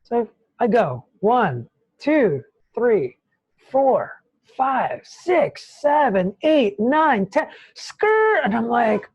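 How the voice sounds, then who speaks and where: Husky-voiced man telling an animated story. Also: extremely high pitch, drawn-out words, highs cut off. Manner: animated, acts out scenes, many "like"s. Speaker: nonprofit founder guest. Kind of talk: casual interview storytelling.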